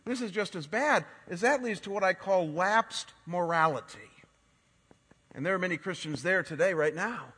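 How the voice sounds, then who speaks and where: A man in his forties, a pastor preaching a sermon and telling stories in an animated way, often restarting his words. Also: sits high, normal speed, husky. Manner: animated storytelling with frequent word restarts. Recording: long hall reverb.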